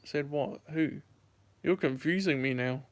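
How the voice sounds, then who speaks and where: Young man, late teens, from the US, casual livestream chat, holds phone mic, repeats himself, smooth tone. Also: fairly high pitch, a little slow. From United States. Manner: rambling, repeats himself while answering chat. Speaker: YouTuber livestreaming. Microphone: handheld phone.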